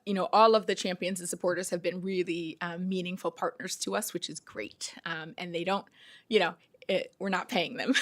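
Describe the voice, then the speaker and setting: A woman testifying at a council hearing as a city health official, measured and earnest, with frequent ums. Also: fairly low pitch, a bit bright.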